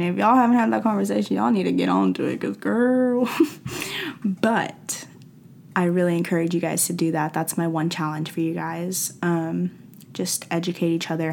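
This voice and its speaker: Young woman host, low gravelly voice, emphatic casual motivational talk. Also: slight background noise. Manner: animated, emphatic, slangy, laughs often. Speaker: podcast host.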